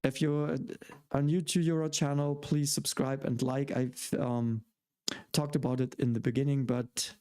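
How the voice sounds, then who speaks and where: A man's voice: medium pitch, flat delivery, measured pace, mellow, clear, resonant tone. A man with a German accent hosting a live question-and-answer stream, rambling and hesitant with many fillers and restarts. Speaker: host.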